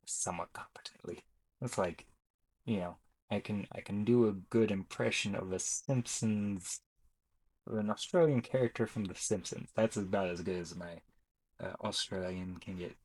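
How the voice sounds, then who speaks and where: Husky, rambling young man. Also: low voice, darkish tone, low-quality recording. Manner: rambling, self-correcting, chatty. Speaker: YouTuber ranking films. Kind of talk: casual commentary.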